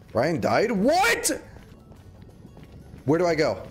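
A man's voice: on the low side, huge pitch swings, a little slow, pauses often, faint music behind. A man livestreaming a game in casual chatter, joking around, reading chat aloud and breaking into sudden squeals and yelps.

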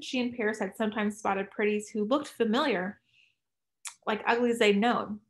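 A woman narrating an audiobook in a measured way, dropping to a hush in tense moments. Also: medium pitch. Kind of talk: scripted narration.

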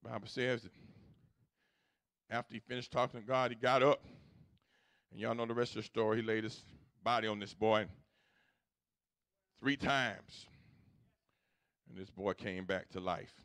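A man preaching a sermon as pastor, moving from quiet storytelling to loud, repetitive exhortation. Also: on the low side, fairly even intonation, measured pace, pauses often, no room sound, studio quality. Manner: swings from hushed storytelling to loud preaching, repeats phrases. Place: church sanctuary.

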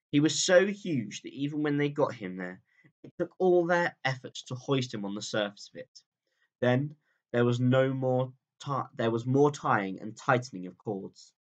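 Man calmly reading a storybook aloud. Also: lo-fi sound. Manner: calm, steady storytelling that drops low at sentence ends. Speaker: teacher reading to pupils. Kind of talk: reading a chapter book aloud.

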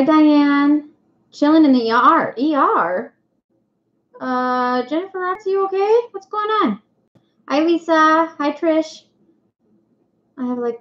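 A woman hosting a casual live stream, chatting and greeting viewers one by one by name. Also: sits high. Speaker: livestream host. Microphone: webcam mic. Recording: echoey room, dull lo-fi sound.

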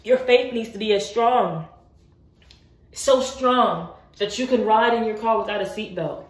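A woman's voice: a little high, a little slow. Woman faith mentor, urgent rhetorical preaching, heard from a distance, roomy sound. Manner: urgent, repetitive, rhetorical questions. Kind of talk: preaching to camera. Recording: roomy room, distant mic.

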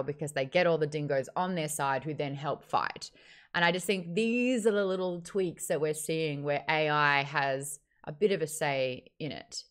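A woman hosting a live book club stream, thanking viewers by name and reading their comments aloud in an animated, chatty way. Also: low-pitched.

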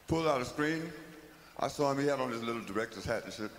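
A man's voice: mid-range voice, wildly swooping pitch, fast, fairly bright tone. A man giving a live spoken-word comedy monologue, telling the story in a loose, profane, rhythmic way. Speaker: comic storyteller. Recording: live hall recording, faint noise.

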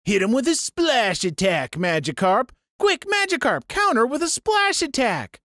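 A man voicing a frantic, shrill male monster trainer who squeals over-the-top excited commands. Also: measured pace, no room sound, studio quality, exaggerated voice.

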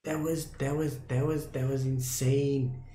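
A young South African man streaming a video game, talking casually to his viewers, muttering at times and loudly dismayed at others. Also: mid-range voice, level tone, unhurried, echoey room. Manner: talks to viewers as "dudes" and "boys", swings from muttering to loud dismay. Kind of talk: casual live gameplay commentary.

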